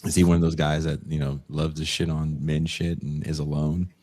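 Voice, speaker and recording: A young podcast co-host talks briskly in an extremely low, darkish voice with little pitch movement. He tells stories in casual chat, swears freely, and acts out the people in them.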